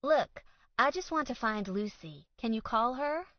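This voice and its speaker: An exasperated young woman, as a female narrator reads her, politely sarcastic and increasingly fed up. She sits a bit higher than the narration. The sound is dry and slightly dull. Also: lively intonation, unhurried, no echo. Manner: polite but irritated, sarcastic.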